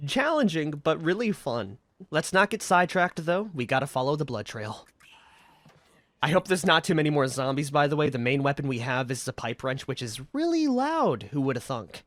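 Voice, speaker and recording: A man giving casual, excitable commentary as he plays a video game. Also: a little high, brisk, no echo. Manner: chatty, excitable reactions. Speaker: gaming video creator.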